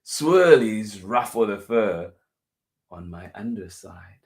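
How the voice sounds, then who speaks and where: A man reading a picture book aloud for children, going over each passage twice in a gentle way and chuckling softly between lines. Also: on the low side, expressive, slow. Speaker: children's storyteller.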